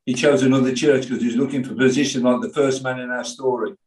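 This older pastor from England speaks with a Birmingham accent, his medium-pitched voice a little mellow, fast, and fairly even in intonation. He tells stories in his sermon with quoted voices and asides, heard distantly in an echoey room.

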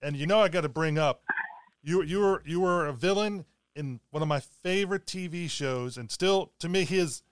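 A man's voice: on the high side, normal speed, smooth, dry recording, clean studio sound. A male podcast host interviewing an actress, asking questions in the manner of an eager fan. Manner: enthusiastic fan, lively questions. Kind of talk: casual interview chat.

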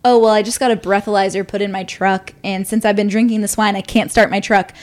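A woman's voice: mid-range voice, steady tone, quick pace, hardly any pauses. A young woman co-hosting a podcast, telling a story casually, swearing freely and acting out what people said. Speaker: podcast co-host.

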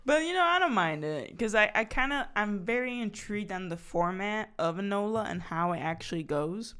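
A young woman co-hosting a casual podcast, chatty, full of fillers and quick laughs. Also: medium pitch, lively intonation, a bit bright, clean tone. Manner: chatty, laughs often, many fillers and restarts. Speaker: podcast co-host. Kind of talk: casual chat.

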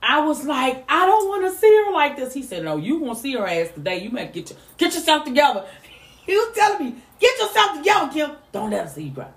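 A high-pitched woman tells a heartfelt family story with big swings in her voice, acting out everyone's lines. Her voice rings in an echoey room. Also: fast, few pauses. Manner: lively, animated retelling with voiced quotes. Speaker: mother telling her story. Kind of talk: emotional storytelling.

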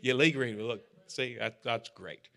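A man's voice: medium pitch, moderate pace, vocal fry, a bit bright. A man leading a church study group, talking casually and earnestly, with self-deprecating asides. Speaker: bible study leader. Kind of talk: casual teaching talk.

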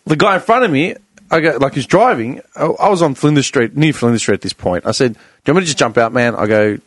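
A man's voice: medium pitch, fast talker, no echo. A man telling a story in a casual chat, acting out both sides of the conversation. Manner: animated, acts out both sides of dialogue.

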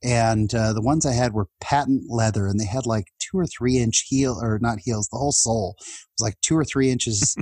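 Husky, heartfelt man telling stories. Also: mid-range voice, normal speed, a little mellow, dry recording. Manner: heartfelt and chatty, with laughs and restarts. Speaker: podcast guest. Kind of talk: personal storytelling in an interview.

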